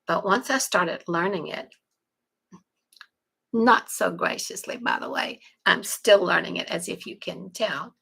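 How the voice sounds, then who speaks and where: A middle-aged woman from South Texas with a Texan accent, chatting casually on a live stream, greeting viewers and pitching a webinar in a folksy way. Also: animated, a little slow, gravelly, sharp tone, breathy edge, poor audio. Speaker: online marketing promoter.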